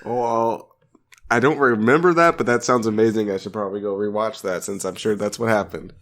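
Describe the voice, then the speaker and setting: A man's voice: on the low side, fairly quick, a bit bright. A man co-hosting a casual podcast, asking questions in a dry way. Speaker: podcast co-host. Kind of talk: casual chat.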